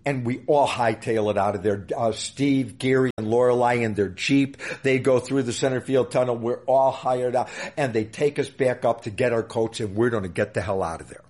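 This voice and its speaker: An older man recounts a story as an interview guest. His voice sits at a middle pitch, and his telling rambles along, full of fillers and restarts. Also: moderate pace, hardly any pauses, darkish tone. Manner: rambling anecdotes with many fillers.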